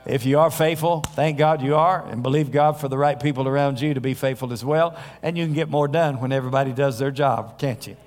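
A male pastor preaching a sermon in a church, telling stories in a conversational way with frequent pauses. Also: mid-range voice, darkish tone. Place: church sanctuary. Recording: long hall reverb.

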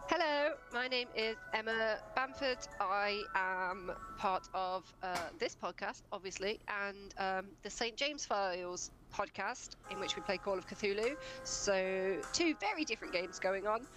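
A woman's voice: medium pitch, measured pace, few pauses, music in the background. A woman introducing herself as a player on a tabletop game podcast, talking in a giggly, chatty way. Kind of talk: casual podcast chat.

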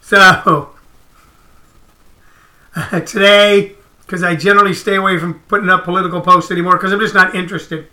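High-pitched, sharp-toned ranting man. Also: moderate pace, pauses often. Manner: animated, profane, emphatic. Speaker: comedian host. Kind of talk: casual livestream rant.

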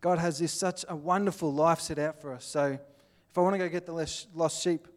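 Casting: Australian male preacher, plainspoken and earnest, voice slightly high. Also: steady tone, a little fast. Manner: earnest, plainspoken, acts out little scenes. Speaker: pastor. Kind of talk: sermon.

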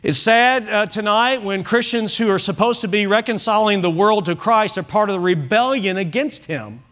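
A male pastor preaching an evening sermon, emphatic, with frequent restarts and softer asides. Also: high-pitched, normal speed. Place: church service.

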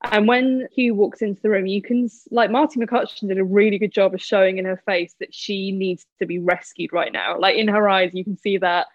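A woman in casual podcast chat about a film, talking in an animated way with many fillers and quick laughs. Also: medium pitch, dry recording. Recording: dull, dry sound.

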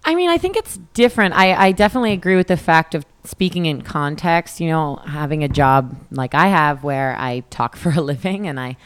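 A woman who presents on camera for a living, co-hosting a podcast in a relaxed, conversational way. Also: low-pitched, fairly quick, few pauses, clean tone. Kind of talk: casual chat.

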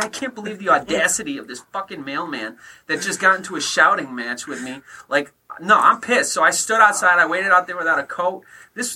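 A man's voice: on the high side, far from the mic, slight background noise. A man telling stories as a podcast guest, ranting and swearing as he talks in a studio. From Detroit area. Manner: profane, animated ranting storyteller. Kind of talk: casual chat, storytelling.

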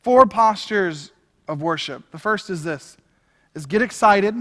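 Brief: high-pitched male pastor, energetic casual sermon, big hall reverb. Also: measured pace. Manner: energetic, conversational preaching with casual slang.

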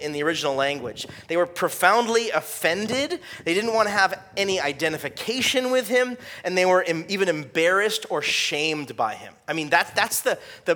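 A man's voice: sits high, a bit bright. A young adult man preaching a sermon in a casual, conversational way, with lots of fillers. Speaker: pastor.

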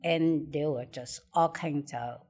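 A woman's voice: low voice, takes it slowly, darkish tone. A middle-aged woman telling a personal childhood story in conversation, hesitant, repeating words and laughing often. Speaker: interviewee.

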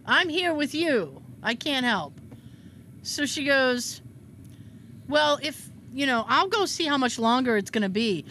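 A woman telling a funny story in casual chat, acting out the people in it with lively voices and frequent laughter. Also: high voice, measured pace, a little hiss or hum. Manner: animated, acts out quotes in shifting voices, laughs often. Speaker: podcast co-host telling a story.

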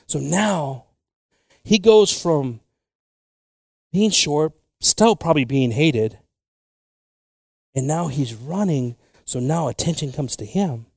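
Lively bilingual preacher man. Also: fairly high pitch, takes it slowly, pauses often, husky, dry recording. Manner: animated, switching between Spanish and English with joking asides. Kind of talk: bilingual sermon.

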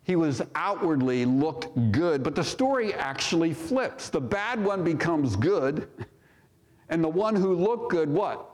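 A man's voice: fairly high pitch, animated, a little slow. A male pastor preaching a sermon, reading scripture aloud and commenting on it with rhetorical questions to the congregation. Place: church sanctuary. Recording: long reverb of a church sanctuary.

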